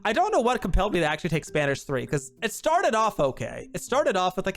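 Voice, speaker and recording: A woman streamer chatting casually, rambling and poking fun at herself in an animated way. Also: mid-range voice, fast talker. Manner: rambling, self-mocking, animated.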